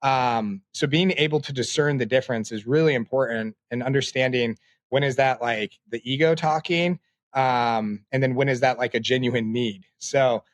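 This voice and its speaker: A man in his late twenties, a podcast guest, talking in a reflective, halting way with many fillers. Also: mid-range voice, dry recording. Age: 20s. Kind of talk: casual interview talk.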